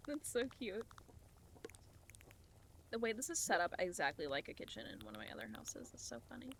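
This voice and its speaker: A woman's voice: fairly high pitch, animated, normal speed, long pauses, background noise. A woman livestreaming, chatting casually with her viewers as she plays, giggling often and swearing offhandedly. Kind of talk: casual chat while playing a game. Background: game music.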